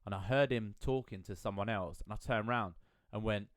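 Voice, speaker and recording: A man's voice: on the low side, normal speed, dry recording, clean studio sound. A man, a podcast co-host, telling stories in casual banter with lots of laughing and swearing. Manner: laughing, swearing, animated storytelling.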